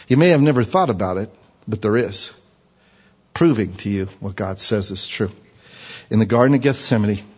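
A man's voice: fairly low pitch, darkish tone, breathy edge. A middle-aged man preaching a sermon, telling Bible stories with humor and acting out the scenes. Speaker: pastor. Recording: dull recording with long hall reverb.

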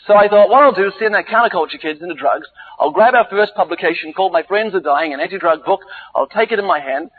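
A man preaching a sermon, telling stories theatrically with sudden leaps in pitch and volume. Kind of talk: sermon with dramatic storytelling. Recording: tinny, phone-like lo-fi recording.

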